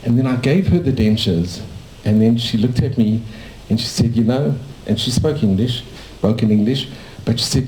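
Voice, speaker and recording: A man's voice: mid-range voice, moderate pace, mellow, a little hiss or hum. A man in his sixties from South Africa, a dentist telling his life story in a cafe in a rambling, anecdotal way. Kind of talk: casual storytelling to a small audience. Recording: echoey cafe room.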